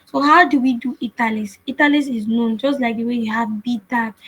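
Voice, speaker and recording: A woman with a slightly high, breathy voice walks through coding basics in a screen-share tutorial. She explains patiently, circling back and restarting her sentences as she goes. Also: steady tone, a little fast, a bit bright, low-quality recording. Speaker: web development instructor.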